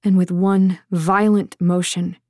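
A woman's voice: on the low side, little pitch movement, slow, a little mellow, no room sound, studio quality. A woman narrating a romance audiobook in an intimate manner, often dropping to a whisper.

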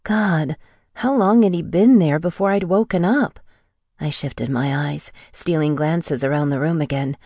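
Female audiobook narrator, low pitch, dry close read, tense first-person thriller. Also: measured pace, warm tone, dry recording.

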